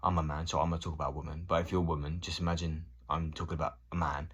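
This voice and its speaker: A man's voice: a bass voice, flat delivery, racing, a bit bright, husky. A man in his thirties ranting casually to camera, swearing and acting out both sides of conversations. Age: 30s. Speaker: vlogger.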